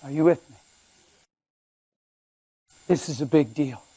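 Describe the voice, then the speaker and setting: Animated high-voiced older man preaching. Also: slow pace, breathy edge. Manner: animated, conversational preaching with sudden loud outbursts. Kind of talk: sermon. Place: church.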